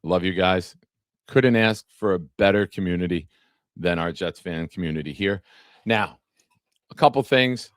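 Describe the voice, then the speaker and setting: A man's voice: low-pitched, a little slow, pauses often, no echo, clean studio sound. A man hosting a casual live-streamed sports talk show, chatting with viewers by name and reading from an article. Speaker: podcast host.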